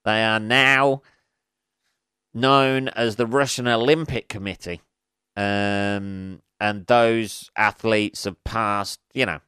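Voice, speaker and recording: A man hosting his own podcast, rambling on in a loose, sweary monologue full of chuckles and filler words. His voice is fairly low, smooth and resonant. The sound is close-miked and dry, with no room echo. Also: level tone, takes it slowly, bright, forceful tone. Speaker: podcast host. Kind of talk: casual monologue.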